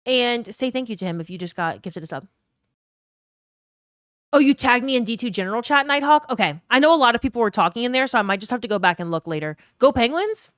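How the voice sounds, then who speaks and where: A woman's voice: on the high side, animated, fast talker, dry recording. Young woman streaming and talking to chat, neutral accent, drops the odd swear, dry close sound. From New Orleans, US South. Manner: chatty, reads chat aloud, swears casually. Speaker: live streamer. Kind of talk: casual chat with live viewers.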